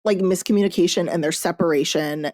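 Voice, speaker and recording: A woman hosting a podcast, chatting casually about books in an animated way, swearing freely and acting out lines. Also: on the low side, fairly quick, no echo, clean studio sound. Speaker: podcast host reviewing romance books. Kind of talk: casual chat.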